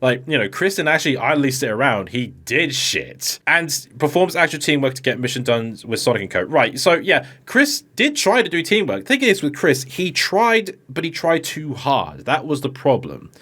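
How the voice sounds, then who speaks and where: A man's voice: a little high, very animated, moderate pace, few pauses, a bit bright. A man giving unscripted comedic commentary, swearing and mocking, often putting on voices to act out quoted lines. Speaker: YouTube commentator.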